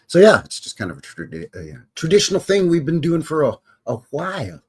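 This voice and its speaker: A man's voice: a little high, wildly swooping pitch, a little fast, a little mellow, husky. A man in his fifties hosting a live stream, chatting in a loose, joking, rambling way. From Canada. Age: 50s. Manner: joking, rambling, drops into silly voices. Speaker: host. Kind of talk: casual live-stream chat.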